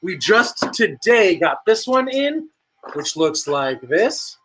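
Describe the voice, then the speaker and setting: Young male trivia host, high pitch, bright edge, goofy and quick with a joke. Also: sing-song, husky, rough recording. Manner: playful and jokey, rattling off viewer guesses. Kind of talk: livestream game hosting.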